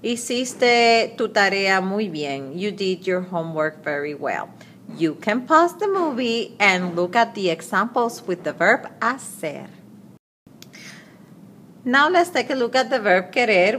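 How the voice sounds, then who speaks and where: A woman teaching grammar, slowly reading out verb forms and translating examples. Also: medium pitch, expressive, fairly bright tone, a little hiss or hum. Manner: slow, deliberate, repeating conjugations aloud. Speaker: Spanish teacher. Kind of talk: slide-based grammar lesson.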